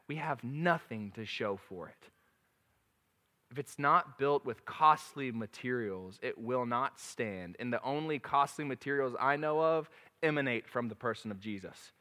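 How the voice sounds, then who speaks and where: A man preaching a sermon, reading scripture aloud with animated, dramatic emphasis. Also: medium pitch, normal speed, in a large hall.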